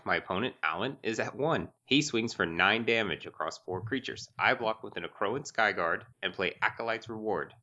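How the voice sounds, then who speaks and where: Lower-pitched joking male podcast host. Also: pushed and bright, lo-fi sound. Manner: joking, laughs often, reads out listener email. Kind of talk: casual podcast chat.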